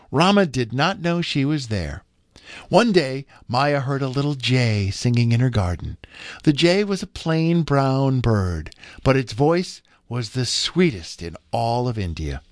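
A man reading a children's tale aloud as narrator, in an expressive, measured way. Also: mid-range voice, no room sound, studio quality. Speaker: storyteller. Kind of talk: scripted narration.

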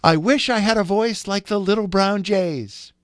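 A man voicing a kind, gentle young princess in a storybook reading, speaking in a soft, pleading way. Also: high-pitched, moderate pace, no echo, clean studio sound, pitched above the performer's own voice, natural voice.

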